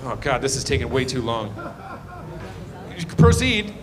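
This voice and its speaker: Rambling stand-up comic doing crowd work. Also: male voice, fairly even intonation, fast. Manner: rambling, self-deprecating banter, trailing off low. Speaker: stand-up comedian. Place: live comedy show.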